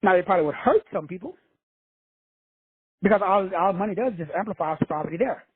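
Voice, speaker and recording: Man preaching self-help, casual and profane, husky high voice, dry close sound. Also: expressive, fast talker, dry recording, narrow, tinny audio. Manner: preachy, addresses listeners as brothers and sisters; casual, with frequent swearing. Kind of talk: motivational talk.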